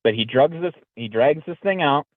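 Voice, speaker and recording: A man with a slightly high voice talks at normal speed as a podcast guest, casually telling a story and acting out the words he quotes in a lively way. His dry, tinny line sounds phone-like, with no room sound.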